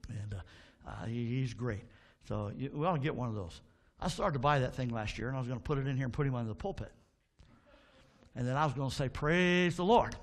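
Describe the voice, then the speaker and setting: A pastor preaching a sermon in a church, fervent, calling out to the congregation for responses and dropping into folksy asides. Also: male voice, mid-range voice, quick pace, pauses often. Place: church sanctuary.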